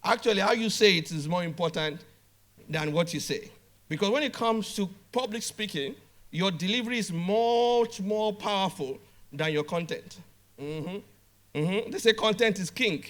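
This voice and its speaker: A man gives a motivational talk at a business conference in a conference hall, speaking emphatically and directly, repeating phrases and calling out to the audience. His voice is high-pitched and a bit bright, at a normal speed.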